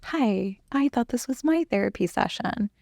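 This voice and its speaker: A middle-aged woman coach telling a personal story in an interview, animated and acting out quoted exchanges. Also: medium pitch, normal speed, vocal fry, dry recording, clean studio sound.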